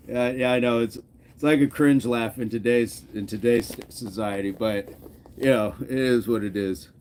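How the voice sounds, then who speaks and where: A man's voice: medium pitch, a little slow, slight background noise. A middle-aged man hosting a casual livestream, reading viewer comments in a jokey, easygoing way and chuckling between remarks. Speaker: livestream host.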